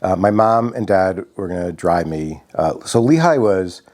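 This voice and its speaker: A man from Connecticut telling a personal story in a reflective, halting way, often restarting his sentences. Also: low-pitched, animated, darkish tone. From Connecticut, USA.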